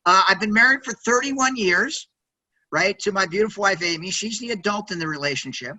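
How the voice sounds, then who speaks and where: A man in his sixties, a podcast guest telling stories in a loud, high-energy, quirky way, often tagging sentences with "right?". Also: a little fast, poor audio. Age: 60s. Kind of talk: energetic interview storytelling.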